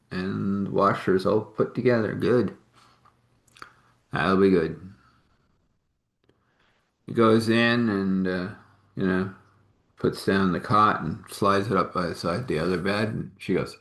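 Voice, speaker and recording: A man's voice: fairly low pitch, fairly bright tone. A man telling a long story in a casual, rambling, homespun way, with many fillers. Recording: echoey room.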